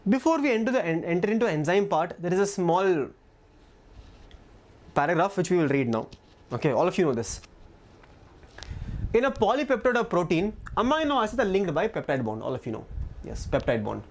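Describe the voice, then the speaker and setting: A woman's voice: on the low side, sing-song, brisk, long pauses. A woman with an Indian English accent teaching a live online biology class, repeating key phrases and asking the chat for doubts, a little out of breath. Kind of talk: live online exam-prep lesson.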